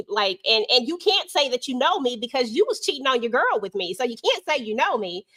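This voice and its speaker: Slangy, high-voiced woman hosting a panel. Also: fairly quick, few pauses. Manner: slangy, expressive, keeps it real. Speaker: panel host. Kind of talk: casual chat about a TV episode.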